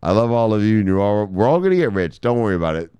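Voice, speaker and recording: A man's voice: lowish voice, sing-song, fast, warm tone, smooth, dry recording. A man hosting a crypto news vlog, ranting casually with lots of swearing and laughing asides. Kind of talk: casual profane news commentary.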